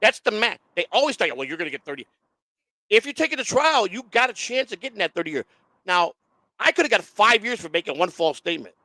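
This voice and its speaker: A man's voice: sits high, lively intonation, quick pace, sharp tone, no echo. A man telling his own story as a guest in blunt, profane casual talk, acting out what other people said. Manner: blunt, swears constantly, acts out other people's lines.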